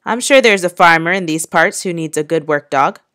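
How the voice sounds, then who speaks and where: A woman's voice: fairly low pitch, normal speed, no room sound, studio quality, lightly acted. Woman voicing a blunt country doctor. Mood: firm. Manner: calm, matter-of-fact.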